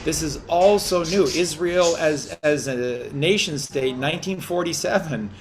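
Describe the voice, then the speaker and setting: A man's voice: on the high side, unhurried, soft background music. A man co-hosting a community call-in chat, rambling and often restarting and repeating his words. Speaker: co-host.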